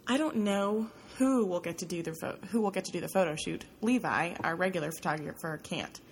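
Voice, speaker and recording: A woman reading an audiobook, voicing a bossy, forceful young woman journalist with an emphatic, pushy delivery. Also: on the low side, brisk, slight background noise, natural voice.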